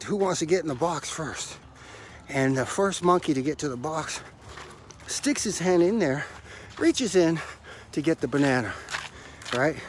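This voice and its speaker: A man's voice: on the high side, a little hiss or hum. Breathless, emphatic male motivational coach. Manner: emphatic, preachy, repeats key phrases. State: out of breath from running stairs. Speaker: motivational podcast host and life coach. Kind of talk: motivational podcast talk.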